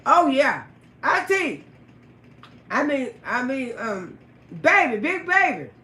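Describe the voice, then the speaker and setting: A woman telling a raunchy story on a live stream, loud, profane and laughing often. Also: high voice, sing-song, takes it slowly, roomy sound. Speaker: livestream storyteller.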